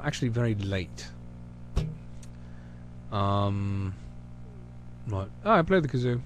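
A man from the United States chatting casually with hesitant pauses as the host of his own channel. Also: on the low side, soft background music. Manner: rambling, hesitant, full of pauses. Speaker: channel host answering questions. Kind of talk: casual recorded chat.

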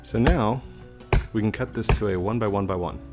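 A man's voice: lowish voice, moderate pace, over music. A man hosting a gaming video, joking, laughing often and explaining each step as he plays. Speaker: gaming channel host. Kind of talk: casual gameplay chat.

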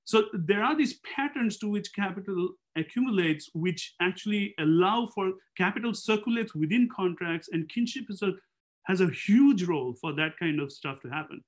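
A man's voice: high-pitched, animated, normal speed. A man speaking as a panelist in an academic seminar, thinking aloud in a discursive way and posing rhetorical questions.

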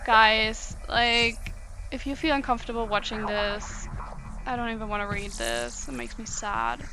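A woman's voice: on the high side, expressive, a little slow, noisy background. A woman giving outspoken, emotional commentary while playing a video game, swearing freely. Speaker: let's play gamer. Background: game music.

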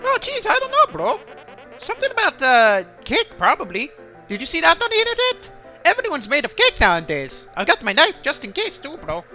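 A man voicing Mario as a cheery, clueless plumber hero in a squeaky, chirpy, high put-on voice. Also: wildly swooping pitch, brisk, sharp tone, muffled recording, soft background music, heavily acted.

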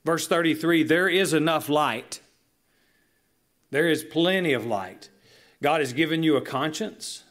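A male pastor delivering a sermon in a church, earnest and illustrative, slowing down to stress key lines. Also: fairly high pitch, fairly bright tone. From Southern United States. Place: church sanctuary.

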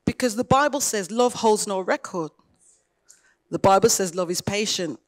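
A woman pastor, preaching a sermon in a conversational way and retelling dialogue with lively emphasis. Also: mid-range voice, moderate pace.

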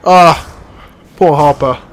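A man's voice: a little high, takes it slowly. A man giving live gameplay commentary, exclaiming and swearing at what happens on screen. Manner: excitable, exclaiming and swearing at the game. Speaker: video game commentator.

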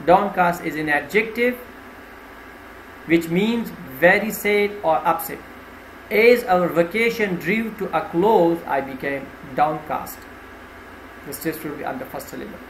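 A man teaching vocabulary, reading out each word with its meaning and an example sentence in a slow, deliberate way, pointing out which syllable to stress. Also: a little high. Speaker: English teacher. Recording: roomy with faint ambient noise.

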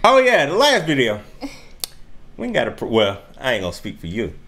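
A man's voice: medium pitch, huge pitch swings, brisk, fairly bright tone. A man co-hosting a reaction video, chatting casually in a laid-back, joking, slangy way.

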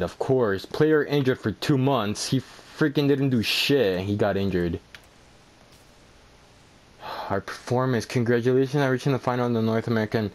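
A young man giving live commentary over his own gameplay, excitable, shouting and swearing at the game. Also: medium pitch. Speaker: gamer.

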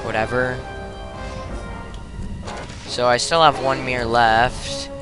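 A man's voice: medium pitch, level tone, takes it slowly. A teenage man giving jokey, rambling let's play commentary on a headset, swearing at the game. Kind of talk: casual gameplay commentary. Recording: game music playing behind.

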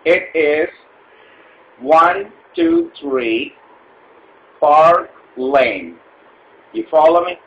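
A man doing an irate, impatient customer who spells everything out bluntly. His voice sits high and swings widely in pitch, slowing down to hammer his point home. The recording is slightly dull, with a faint hiss behind it. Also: huge pitch swings, gravelly, heavily acted. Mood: exasperated. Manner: exasperated, blunt, spells letters out loudly. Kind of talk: comedy sketch.

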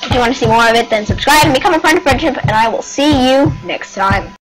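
A woman commentating her own gameplay, excitable and yelling at the game. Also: high voice, fast talker, low-quality recording. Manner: excitable, shrieks and yells at the game. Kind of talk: let's play commentary. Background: game music.

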